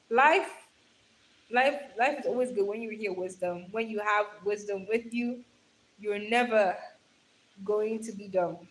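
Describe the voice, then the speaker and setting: Young woman, slightly high voice, casual livestream host, affectionate and chatty, talks into a handheld phone. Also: poor audio. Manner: chatty, affectionate, calls viewers darling, laughs often. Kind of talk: casual livestream chat reading comments. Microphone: phone held in hand.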